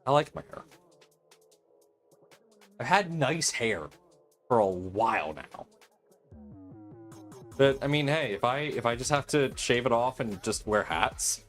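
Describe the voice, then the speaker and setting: A man's voice: medium pitch, lively intonation, slow, pauses often, a bit bright, soft background music. A man hosting a livestream, chatting casually and rambling, joking about himself and answering viewers. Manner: rambling, self-deprecating, answers chat. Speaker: livestream host.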